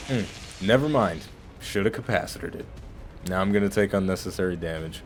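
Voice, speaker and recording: Low-voiced guy doing let's-play commentary, chatty, rambly, keeps restarting his sentences. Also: animated, a little fast, faint music behind. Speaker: gaming channel host.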